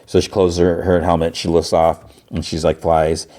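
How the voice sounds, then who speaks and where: A man's voice: low voice, flat delivery, moderate pace, mellow. A man hosting a podcast, retelling a TV episode in a rambling, casual way with lots of fillers. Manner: rambling, filler-heavy retelling with acted-out quotes. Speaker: podcast host.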